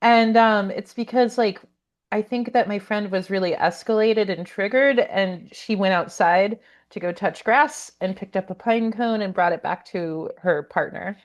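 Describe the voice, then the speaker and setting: A woman's voice: medium pitch, measured pace. A woman hosting a casual podcast interview, laughing often and responding supportively. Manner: warm, laughing, supportive listener. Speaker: podcast host.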